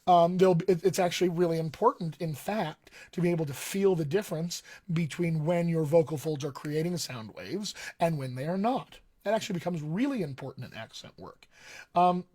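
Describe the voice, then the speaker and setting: A man's voice: fairly high pitch, moderate pace, a little mellow. A man teaching a live-streamed voice lesson as a dialect coach, explaining things conversationally and speaking straight to his viewers. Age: young adult. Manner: conversational, explains with analogies, addresses viewers directly.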